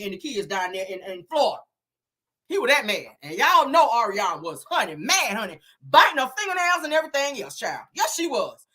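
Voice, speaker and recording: A sassy, profane woman recaps a reality show in casual talk and acts out the cast's lines in quotes. Her voice is high and bright, and her pitch swings widely from line to line. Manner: animated, sassy, profane, laughs often.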